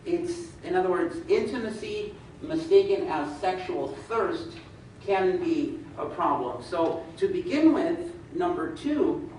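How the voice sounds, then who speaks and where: A man giving a measured religious lecture, laying out numbered points and reciting scripture in Arabic. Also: sits high, slight background noise. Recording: echoey hall, speaker far from mic.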